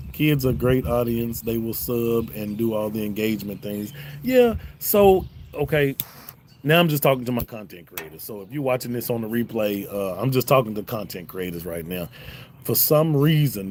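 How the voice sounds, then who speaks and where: A middle-aged man with a Southern drawl chats loosely on a livestream, his pitch swinging up and down as he jokes with viewers. The recording has a faint hiss of background noise behind his mid-pitched voice. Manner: laid-back, joking, talks back to chat. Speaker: YouTube host reading live chat. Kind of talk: casual livestream chat. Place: home, smoking a cigar on a livestream.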